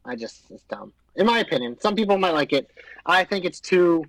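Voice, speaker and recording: A man's voice: high-pitched, big pitch swings, a little fast, a bit bright, no echo, rough recording. A man co-hosting a casual podcast chat, giving blunt, profane opinions. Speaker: podcast co-host. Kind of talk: casual chat about pro wrestling.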